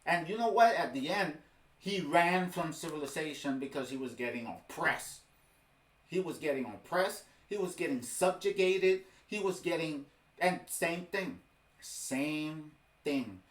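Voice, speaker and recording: A man hosting a reaction video, ranting in heated, exasperated commentary and saying "bro" often. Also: a little high. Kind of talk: ranting commentary over a clip. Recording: roomy echo.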